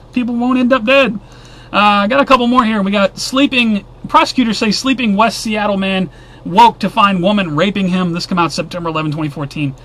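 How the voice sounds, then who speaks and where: A man with a high, bright, forceful voice hosts a weekly news roundup. He reads headlines and cuts in with blunt, sarcastic remarks in a casual tone.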